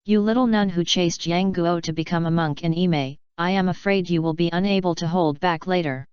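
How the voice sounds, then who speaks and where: A woman's voice: fairly low pitch, steady tone, fairly quick, clear, resonant tone, no echo, lightly acted. A woman voicing a bold, teasing young actress in a storybook, in a slightly dull lo-fi recording.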